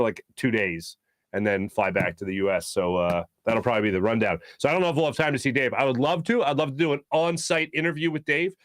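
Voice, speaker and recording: A man's voice: medium pitch, a bit bright, no echo, studio quality. A man hosting a sports talk show, chatting casually in a rambling way with lots of fillers. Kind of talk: casual sports radio chat.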